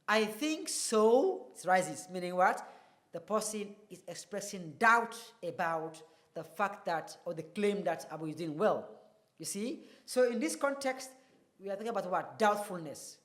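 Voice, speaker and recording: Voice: medium pitch, fairly bright tone. Tv english teacher, keeps asking "what?" to check you follow, echoey room. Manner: explains then quizzes with rhetorical questions. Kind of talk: classroom-style TV lesson.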